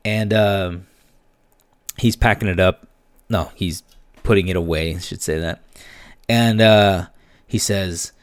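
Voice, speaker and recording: A man's voice: low voice, steady tone, takes it slowly, pauses often, clear, resonant tone, no room sound. A man casually telling a story in a laid-back, profane way, full of slang and stray Spanish words, sipping a beer as he goes. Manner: sips a beer while talking.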